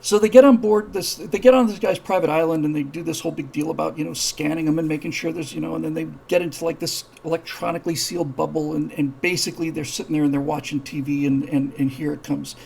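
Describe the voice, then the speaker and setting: A man's voice: fairly high pitch, fairly even intonation, fast, creaky, few pauses, a little mellow, slight background noise, poor audio. A man hosting a live-streamed show, telling a story in a casual, rambling way, with many restarts, and acting out the characters' dialogue. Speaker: show host.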